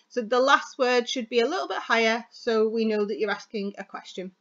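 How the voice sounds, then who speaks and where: A woman teacher giving a chatty, fast, expressive lesson on delivering speeches. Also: a little high, dull audio. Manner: chatty, fast and expressive, stressing words for effect.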